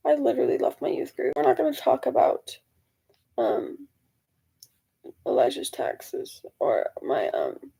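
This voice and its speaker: A teenage girl talks straight to her camera in a loose, rambling vlog. Her voice sits a little high and drops into gravelly fry. She circles back and corrects herself as she goes. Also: wildly swooping pitch, measured pace, long pauses, mellow, low-quality recording. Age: teens. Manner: rambling storytelling with many restarts and fillers. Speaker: vlogger. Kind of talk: casual talking-to-camera vlog.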